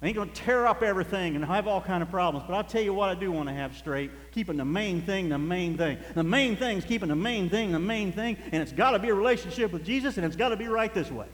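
A man's voice: high-pitched, fast, hardly any pauses. A man preaching a sermon, telling folksy stories and chuckling as he goes. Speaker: pastor. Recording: echoey hall.

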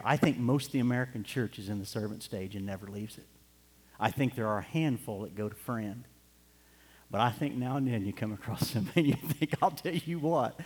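A middle-aged man preaching a sermon, telling a personal story in an earnest way and building to fervent urging. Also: mid-range voice. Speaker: pastor. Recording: long hall reverb.

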